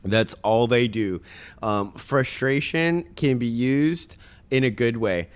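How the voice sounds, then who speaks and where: Smooth-voiced man giving earnest parenting advice. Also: medium pitch, takes it slowly. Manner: earnest, motivational, speaks to listeners directly; tells stories and acts out other people's voices. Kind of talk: casual podcast chat.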